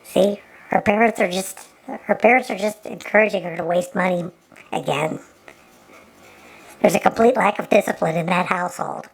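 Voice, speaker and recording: A woman's voice: on the low side, normal speed, creaky, pauses often, poor audio. A woman giving sarcastic running commentary over an old film, often stumbling and repeating her words.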